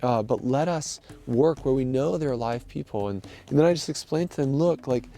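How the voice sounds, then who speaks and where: A man recounting his time as a volunteer rescue worker, telling the story in a casual, animated way with many restarts. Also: mid-range voice, normal speed. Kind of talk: casual spoken recollection.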